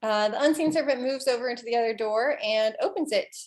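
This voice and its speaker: A woman running a tabletop game as dungeon master, describing rooms and characters in a relaxed way. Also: a little high, brisk.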